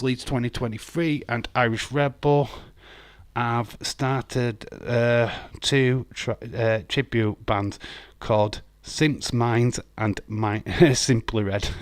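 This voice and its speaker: An English man hosting a casual live stream, swearing bluntly and ranting, his voice hoarse. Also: mid-range voice, dry recording. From England.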